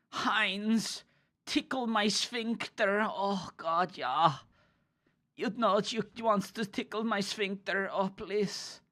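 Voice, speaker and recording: A man doing an over-the-top, breathy, sultry German man with a German accent, drawing out his words in a moaning delivery. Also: sits high, sharp tone, voice pushed up, exaggerated voice.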